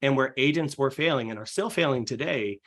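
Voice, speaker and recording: On a podcast, a young real estate agent appears as a guest, speaking a little fast in a mid-range, slightly bright voice. He explains eagerly and casually, with plenty of fillers and acted-out client lines.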